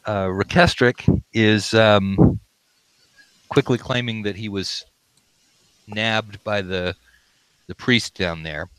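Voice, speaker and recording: A man's voice: lowish voice, a bit bright, clean tone, no room sound, poor audio. A man acting as dungeon master, narrating a tabletop game with many ums and uhs. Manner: halting, full of ums and uhs. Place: home game room on camera.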